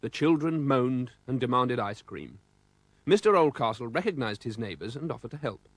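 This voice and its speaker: British man, storybook narrator, expressive, lively pitch, mid voice, dry close sound. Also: normal speed, dry recording. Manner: expressive, sound-effect-rich reading.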